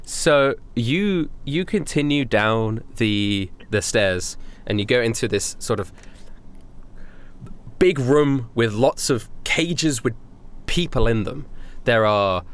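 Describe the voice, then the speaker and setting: A man narrating as game master of a tabletop game, halting and full of filler ums. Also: medium pitch, expressive, clear, resonant tone.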